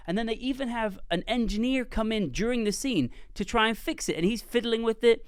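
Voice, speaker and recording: Higher-voiced man co-hosting a movie chat. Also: fast talker, few pauses, clean tone, no room sound, studio quality. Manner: animated storytelling, laughs often. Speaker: co-host of a movie podcast. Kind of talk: casual chat.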